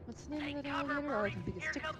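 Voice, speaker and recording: A man's voice: extremely high pitch, racing. A man co-hosts a game stream and chats casually in a joking, teasing way. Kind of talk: casual chat while gaming. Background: game music.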